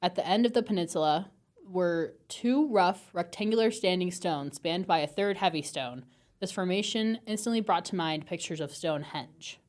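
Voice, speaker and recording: A woman with a somewhat low voice, chatting easily on a book podcast. She laughs a lot and talks in a loose, friendly way with her co-host. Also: moderate pace, a little mellow. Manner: giggly, chatty, laughs often. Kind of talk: casual book-club chat.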